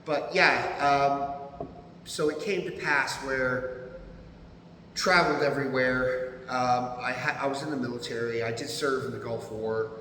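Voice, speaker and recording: A man in his fifties with an American accent, a podcast guest telling stories in an animated, profane way and laughing often. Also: medium pitch, unhurried, a little hiss or hum. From United States. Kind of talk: casual storytelling. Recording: echoey room.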